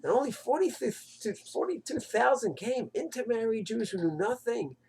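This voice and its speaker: A husky man delivers a fervent short Torah lesson, his voice pitched high and swinging widely. He hammers rhetorical questions at his listeners. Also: moderate pace. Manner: rhetorical, animated, swings into mocking quoted voices. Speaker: Torah teacher. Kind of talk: short impassioned Torah talk. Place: Israel.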